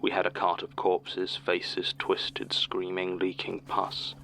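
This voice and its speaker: Gravelly weary archivist for an audio drama, deep and monotone. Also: male voice, slow, heavily acted. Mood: solemn. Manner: low, level, dry delivery. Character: weary male archivist, tense and guarded. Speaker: archivist reading statements.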